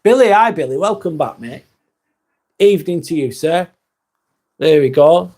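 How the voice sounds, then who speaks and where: Male host of a live vlog, slightly high voice, relaxed chatter with viewers and the odd swear. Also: unhurried. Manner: chatty, swears casually, reads comments aloud. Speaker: live stream host reading chat. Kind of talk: casual live chat.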